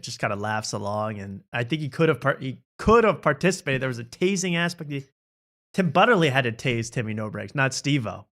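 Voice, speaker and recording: A man hosts a loose comedy talk show with a mid-range voice. He riffs sarcastically and jumps quickly from one jab to the next. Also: mid-range voice, a bit bright. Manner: sarcastic, rapid riffing.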